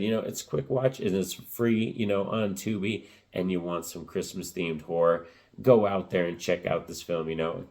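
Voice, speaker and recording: A man giving a casual spoken movie review, rambling with lots of fillers, his voice cracking and rough. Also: sits low, darkish tone.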